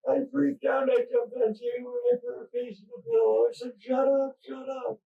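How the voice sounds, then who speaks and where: A man confessing under police interrogation, halting and distressed, stammering through restarts. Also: very high-pitched, flat delivery, vocal fry, narrow, tinny audio. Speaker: murder suspect under interrogation. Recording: distant mic in interrogation room.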